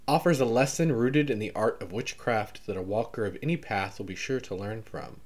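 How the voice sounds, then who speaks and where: Animated man with a light Southern accent. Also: mid-range voice. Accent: Southern US, toned down. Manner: animated, exclaims, skims text with filler. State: coughing from allergies. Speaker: vlogger browsing a book catalog. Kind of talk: casual chat, reading blurbs aloud.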